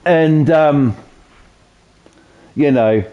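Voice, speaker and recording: A man's voice: a little high, extremely slow, dull audio. A man with a Norfolk accent streaming a game and telling a long, profane story in casual, rambling chat. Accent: Norfolk English.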